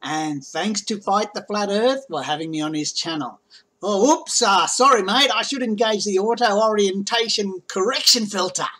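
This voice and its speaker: A man's voice: sits high, normal speed, pushed and bright. Jokey Australian man narrating. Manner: jokey, cheerful, teasing. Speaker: guest commentator. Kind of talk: comedic commentary narration.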